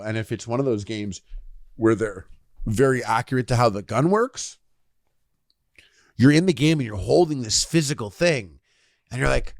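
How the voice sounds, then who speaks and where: A man in his thirties, podcast co-host, chatting casually and telling animated stories with sudden loud shouts when he quotes himself. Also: mid-range voice, dry recording, studio quality. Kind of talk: casual chat.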